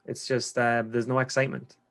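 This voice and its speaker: A man's voice: medium pitch, flat delivery, fairly quick, a bit bright. A man with a Geordie accent from England, talking through his trading habits in a loose, rambling way during a coaching conversation. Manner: rambling, restarts often, slangy. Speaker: trader being coached.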